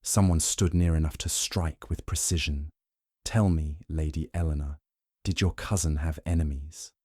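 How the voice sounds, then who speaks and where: A man voicing a shrewd older male detective who asks measured, pointed questions in an audiobook. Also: rumbling low, fairly even intonation, a little mellow, no room sound, clean studio sound. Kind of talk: audiobook narration.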